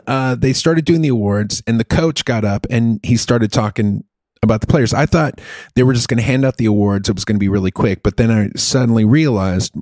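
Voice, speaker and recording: A middle-aged man telling a long story in casual chat. He talks in an animated, rambling way and drops in the odd swear and "dude". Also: on the low side, no room sound, studio quality.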